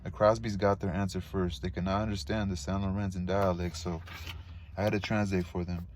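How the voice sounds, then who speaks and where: A man's voice: deep voice, little pitch movement, brisk, a little mellow, slight background noise. A man reading a novel aloud in a casual, unpolished way, stumbling on words and adding asides.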